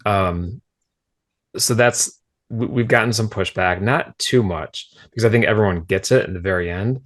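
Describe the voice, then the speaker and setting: A man's voice: on the low side, normal speed, fairly bright tone. A man who is a former school principal talking frankly as a podcast guest, explaining his views and often adding a rhetorical "right?". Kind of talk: casual podcast conversation.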